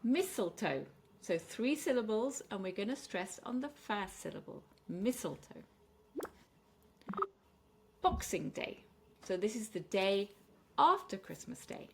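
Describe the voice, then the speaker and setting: A woman teaching English pronunciation and word stress, speaking clearly and deliberately, slowing down on the example words. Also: medium pitch, animated, slight background noise. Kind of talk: pronunciation lesson.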